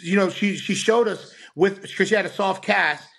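Man, pastor, high voice, animated storytelling, acts out quoted voices. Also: moderate pace, gravelly, breathy edge. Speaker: pastor, podcast guest. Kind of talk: storytelling testimony.

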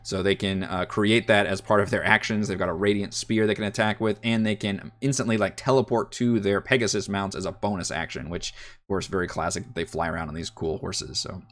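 A man's voice: lowish voice, steady tone, fairly quick. A man giving a casual, enthusiastic spoken review of a tabletop game book, chatty and full of fillers.

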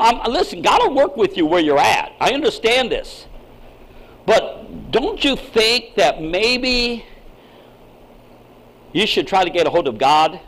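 A pastor, an older man, preaching a sermon in an emphatic style that swings from quiet asides to shouting. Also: a little high, poor audio.

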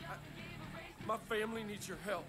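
A man's voice: high-pitched, very animated, a little slow. An actor playing a desperate rural pilot and family man in a video game, pleading and swearing. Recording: game audio with music behind. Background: game music.

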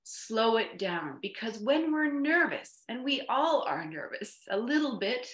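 A woman presentation coach giving an online workshop talk over a video call, speaking deliberately and stressing key words. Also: high-pitched, sing-song, fairly bright tone, echoey room.

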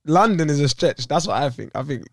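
A man in his twenties bantering on a casual podcast, skeptical and quick to tease. His voice sits a little high, recorded close and dry. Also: lively intonation, vocal fry, no echo. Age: 20s. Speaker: barber guest.

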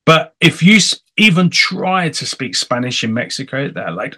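An English man hosting an interview show in a casual, chatty way, animated and playful. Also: fairly high pitch, normal speed, hardly any pauses. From England. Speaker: host. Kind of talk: casual chat.

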